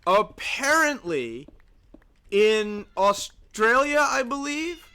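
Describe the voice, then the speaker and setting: A man's voice: very high-pitched, sing-song, takes it slowly, bright, forceful tone, clean tone. A man hosting a livestream, chatting casually and teasing his friends. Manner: joking, teasing. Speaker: streamer host.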